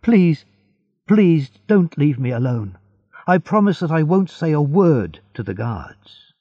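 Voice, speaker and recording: A man's voice: mid-range voice, big pitch swings, slow, vocal fry, slightly rough, dry recording, heavily acted. A man voicing a desperate young male prisoner who pleads in a raised voice, on a slightly muffled recording. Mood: pleading.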